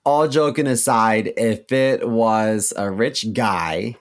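A man's voice: on the low side, slow pace. A man in his fifties co-hosting a podcast, chatting casually with dry, wry remarks. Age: 50s. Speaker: podcast co-host.

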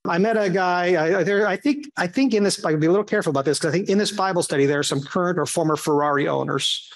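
A man teaching a small Bible study group in a conversational way, acting out the voices he quotes. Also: quick pace. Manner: conversational, acts out quoted voices with big pitch jumps.

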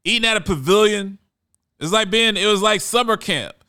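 Male podcast talker, bright and lively tone, loose and rambling delivery. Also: high-pitched, moderate pace, clear, resonant tone. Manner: animated, conversational, trails off and repeats words. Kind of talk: casual monologue.

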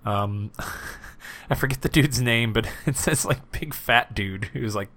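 A man's voice: medium pitch, measured pace, a bit bright. A young man co-hosting a podcast in casual chat, rambling with fillers and laughing often. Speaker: podcast co-host.

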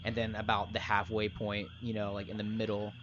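A man's voice: fairly low pitch, monotone, brisk, noisy background. A young man narrating as game master in a loose, rambling way full of fillers, on a muffled lo-fi recording. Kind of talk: casual tabletop game narration.

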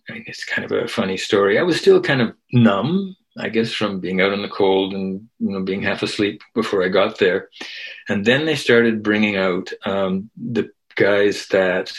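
An older man recounting a memory as an interview guest, his voice sitting somewhat low. He speaks in a relaxed, conversational way, checking in with a frequent "right?" as he goes. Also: poor audio. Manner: conversational, tags lines with "right?". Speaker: guest, activist and historian. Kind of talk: storytelling interview.

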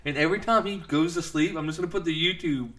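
A man's voice: a little high, fast, pushed and bright. A young man co-hosting a podcast, teasing his friend in laid-back chat. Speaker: podcast co-host. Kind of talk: casual chat.

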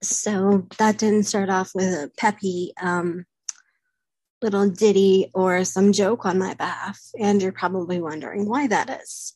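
Woman vlogger, husky and breathy, candid confessional to camera, dry close sound. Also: medium pitch, steady tone, darkish tone, no room sound. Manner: candid, halting, with frequent pauses and fillers. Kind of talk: personal confessional talk to camera.

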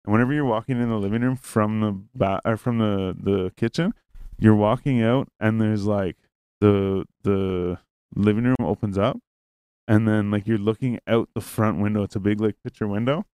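A man's voice: fairly low pitch, fairly even intonation, moderate pace, dark tone, clear, resonant tone, dry recording, studio quality. Rambling, profane young man. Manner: rambling, profane, acts out quoted lines. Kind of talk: casual storytelling.

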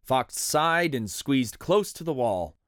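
A storybook narrator reading a children's picture book aloud with expressive delivery. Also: medium pitch, slow, dry recording, studio quality.

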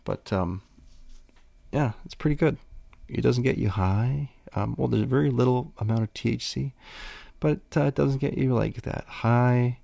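A man's voice: mid-range voice, moderate pace, creaky, warm tone, no room sound. A man hosting a casual solo podcast, rambling in a laid-back way and swearing freely. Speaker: podcast host.

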